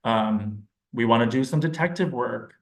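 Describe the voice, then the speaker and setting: A man's voice: mid-range voice, normal speed, vocal fry. A man, a speech-language pathologist, giving an informal, explanatory presentation to parents and thinking aloud as he goes. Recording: roomy echo.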